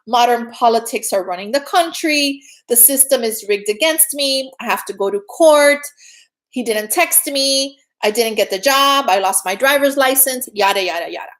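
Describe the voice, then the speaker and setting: A woman's voice: on the high side, moderate pace, a bit bright. Earnest woman giving a chatty spiritual talk. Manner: earnest, chatty, often adds "right?". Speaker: spiritual teacher. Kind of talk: casual spiritual talk to viewers.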